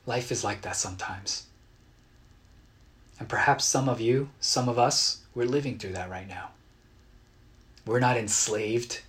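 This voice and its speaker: A man preaching a sermon as a pastor, earnest and dramatic, acting out quotes with bursts of loud emotion. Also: mid-range voice, a little slow, long pauses. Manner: earnest, dramatic retellings with sudden loud outbursts.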